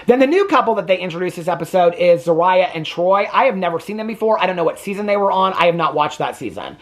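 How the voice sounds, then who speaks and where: A man's voice: high-pitched, animated, quick pace. Sassy, chatty man recapping reality TV. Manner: addresses viewers with repeated "okay?". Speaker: reality TV reaction host. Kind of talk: casual reaction commentary. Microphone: camera on a tripod.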